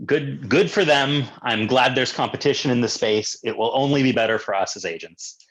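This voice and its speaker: Male co-host, casual chat; agreeable, restarts his sentences, ordinary mid-pitched voice. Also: a bit bright, poor audio. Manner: chimes in with quick agreement, rambling restarts. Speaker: podcast co-host.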